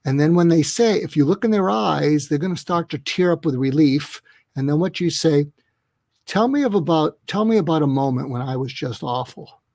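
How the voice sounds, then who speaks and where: Interviewed as an expert on listening, this man earnestly walks through ideas one step at a time, frequently acting out short dialogues. His voice is a little high with a dark tone, and there's no echo.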